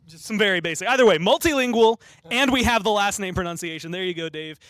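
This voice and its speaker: A man's voice: high voice, fast, fairly bright tone, dry recording. A man conducting a pregame player interview, asking chatty, rambling questions.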